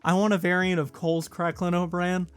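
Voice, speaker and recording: A man's voice: high voice, little pitch movement, a little fast, clean tone. A young man co-hosting a podcast, chatting casually in a laid-back, rambling way with lots of fillers and restarts. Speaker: podcast co-host. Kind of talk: casual chat.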